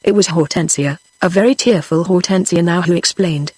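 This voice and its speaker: A text-to-speech voice of a woman with a British English accent, narrating a historical novel in an even, steady way. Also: fairly low pitch, normal speed, breathy edge, no echo, low-quality recording. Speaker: audiobook narrator. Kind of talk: synthetic audiobook narration.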